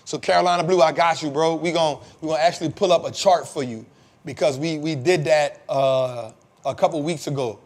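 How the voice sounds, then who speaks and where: Male host, slightly high voice, loose slangy live-stream Q&A delivery, lots of ums. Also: brisk. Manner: laid-back slangy talk, many fillers. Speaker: host of a live investing show.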